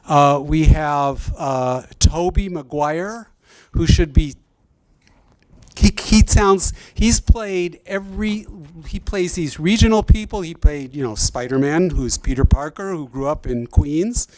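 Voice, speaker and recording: Academic man fielding audience questions, wry and conversational, slightly high voice, dry mic. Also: slow pace, darkish tone, dry recording. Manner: chatty, wry, self-interrupting. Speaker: sociolinguist guest speaker. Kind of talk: academic Q&A answer.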